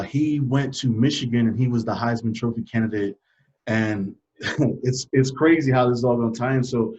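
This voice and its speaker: Male interview guest, earnest animated storyteller, mid-pitched, muffled lo-fi recording. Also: slight background noise. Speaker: podcast guest. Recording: dull lo-fi sound.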